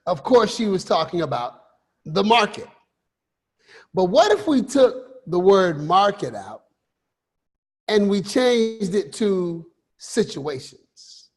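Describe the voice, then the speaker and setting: A man giving a motivational talk as a coach, emphatic, with repeated rhetorical questions and slow stressed phrases. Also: high-pitched. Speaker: finance and life coach host.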